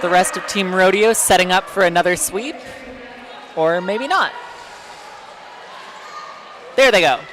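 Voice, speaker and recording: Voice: medium pitch, lively intonation, a little slow, long pauses, a crowd in the background. A co-commentator at a live roller derby bout, chatting casually about the play and explaining jammer tactics. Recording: noisy venue background.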